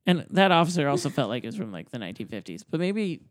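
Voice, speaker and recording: A low-voiced woman whose pitch moves a lot as she talks. She fills in details of a film with dry asides, recorded close and dry. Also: very animated, fast talker, dry recording. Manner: chimes in with details, dry remarks. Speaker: co-host. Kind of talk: casual chat.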